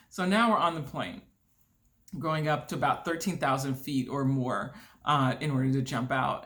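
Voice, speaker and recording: Lively woman in her forties telling a story. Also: lowish voice. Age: 40s. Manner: expressive, laughs often, heavy use of "like". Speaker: vlogger. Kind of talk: animated personal storytelling.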